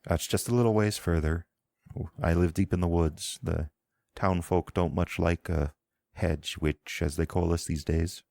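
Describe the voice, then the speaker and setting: A man's voice: low-pitched, fairly even intonation, a little slow, gravelly, a little mellow, no room sound, voice pushed up. A man voicing a kindly young woman priestess and hedge witch with a folksy, motherly, fussing manner.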